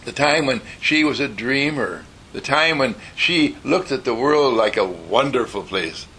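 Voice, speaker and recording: A man giving an inspirational talk as an animated storyteller who acts out voices and laughs. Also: medium pitch, unhurried, breathy edge.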